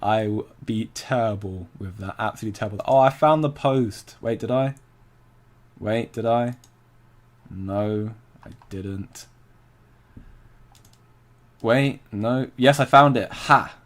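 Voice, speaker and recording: A man's voice: lowish voice, takes it slowly, pauses often. A young man hosting a casual crypto livestream, chatting loosely, answering viewer comments and laughing often.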